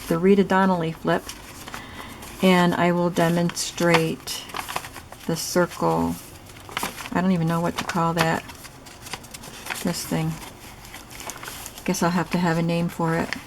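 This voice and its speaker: A craft channel host with a lowish, gravelly voice gives a casual crafting demonstration, chatting in a relaxed way and explaining each step as she works. Clear background noise and clicks run through the recording.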